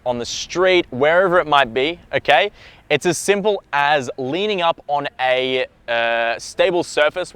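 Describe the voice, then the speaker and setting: A man giving a direct, emphatic lesson as a dating coach, often checking in with a quick "okay?" and swearing now and then. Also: a little high, a bit bright, smooth. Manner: blunt, occasional swearing. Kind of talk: instructional talk to camera.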